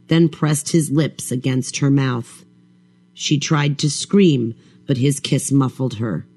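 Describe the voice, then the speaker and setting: A man reading a first-person horror story in a slow, measured, brooding way. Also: mid-range voice, darkish tone. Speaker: audiobook narrator.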